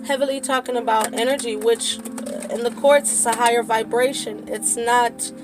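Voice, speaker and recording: A woman's voice: on the high side, fairly even intonation, moderate pace, over music. A woman giving a tarot reading to her viewers, speaking casually and sometimes swearing, then getting worked up and preaching. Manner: impassioned, rising into preaching; profane, casual. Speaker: tarot reader.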